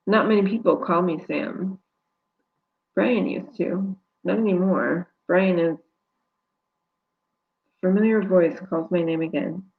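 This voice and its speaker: Brief: author reading her book live, steady first-person narration, raspy fry. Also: on the low side, a little slow, long pauses, phone-quality sound.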